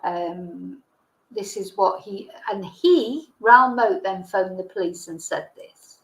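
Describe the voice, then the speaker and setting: A woman's voice: mid-range voice, takes it slowly, echoey room, rough recording. A woman hosting a true-crime livestream, talking in a chatty, hesitant way with ums and restarts. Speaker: livestream host.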